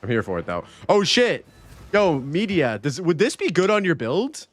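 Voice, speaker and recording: A man streaming a game live, chatting casually, reading chat aloud and swearing freely in loose, excitable talk. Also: a little high, normal speed.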